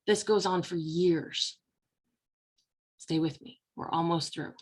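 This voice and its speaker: A woman's voice: on the low side, fairly even intonation, slow pace, slightly rough. Middle-aged woman, life coach, earnest motivational talk straight to the viewer. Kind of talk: personal story told to camera.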